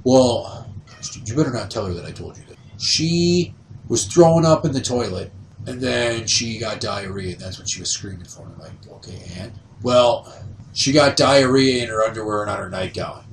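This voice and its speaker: A man's voice: lowish voice, expressive, normal speed, a little hiss or hum. A man in his thirties hosting a podcast, telling stories casually and acting out other people's voices. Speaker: podcast host. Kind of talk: casual storytelling. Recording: roomy sound, voice distant from the mic.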